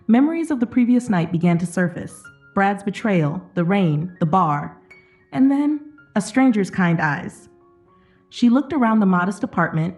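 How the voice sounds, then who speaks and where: A woman narrating an emotional story in a steady, dramatic scripted reading. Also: on the low side.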